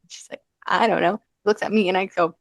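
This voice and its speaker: A woman's voice: mid-range voice, fairly even intonation, fast, vocal fry, dry recording. A young adult woman co-hosting a podcast, telling rambling anecdotes full of fillers and quoted dialogue. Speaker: podcast co-host. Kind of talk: casual chat.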